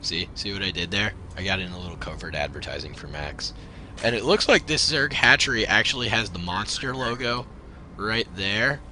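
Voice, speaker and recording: Bright, joking young male caster for live play-by-play, faint hiss. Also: on the low side, normal speed. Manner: chatty, joking play-by-play with frequent ums. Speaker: esports caster. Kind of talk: live game commentary. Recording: faint background noise.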